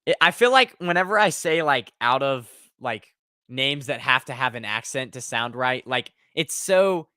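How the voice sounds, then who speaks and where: A man's voice: mid-range voice, expressive, normal speed, bright, forceful tone, clean tone, no room sound, clean studio sound. A young man hosting a sports livestream, rambling casually and reading viewer chat aloud. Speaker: sports podcast host.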